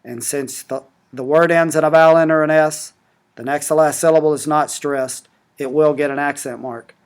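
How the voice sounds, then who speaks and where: A man narrating a screen-recorded tutorial for a language app. His voice sits a bit on the high side, and he explains step by step in a patient, unscripted way with fillers and restarts. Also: steady tone, normal speed, clear, resonant tone.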